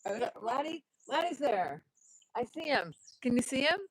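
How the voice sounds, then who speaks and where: Husky woman on a phone livestream by the horses, upbeat and chatty, kinda high voice, dry sound. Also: very animated, normal speed, no echo, rough recording. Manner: chatty, upbeat, reads viewer comments aloud. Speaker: YouTube host livestreaming. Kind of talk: casual livestream chat. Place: outdoors by a horse paddock. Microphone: phone held in hand.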